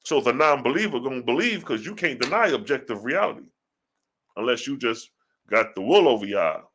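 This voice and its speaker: A man, reading scripture verses slowly and then commenting on them in fast, blunt street slang, as a teacher. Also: mid-range voice, sing-song, a bit bright, a little hiss or hum.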